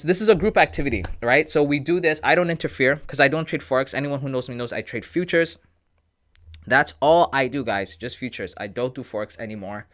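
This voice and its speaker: A man's voice: mid-range voice, fairly bright tone. A man hosting a casual trading livestream, laid-back and joking, with slangy talk as he reads viewers' comments aloud.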